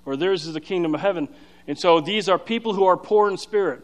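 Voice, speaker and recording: A man preaching a sermon, explaining scripture in an emphatic, energetic way with frequent fillers and restarts. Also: sits high, brisk. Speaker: pastor.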